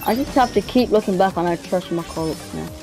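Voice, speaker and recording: A woman chats casually through her gameplay, excitable and quick to mock her own skills. Her pitch swings in a lively way. Faint music sits behind her voice. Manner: excitable, self-deprecating, exclaiming. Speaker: gamer.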